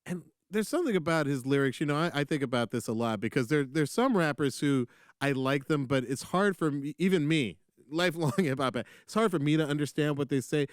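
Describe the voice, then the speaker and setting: Chatty man, smooth clear voice. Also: a little high, brisk, no echo, studio quality. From Atlanta, USA. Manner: animated, lots of fillers and restarts. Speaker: podcast co-host. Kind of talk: casual music discussion.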